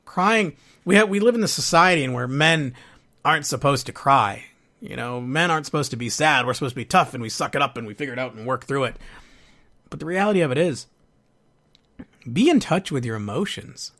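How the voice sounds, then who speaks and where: A man hosting a podcast, speaking earnestly and haltingly about his own grief and hurt, with frequent restarts. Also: a little high, expressive, fairly bright tone. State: going through a divorce, sad. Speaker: podcast host. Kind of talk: personal reflective monologue.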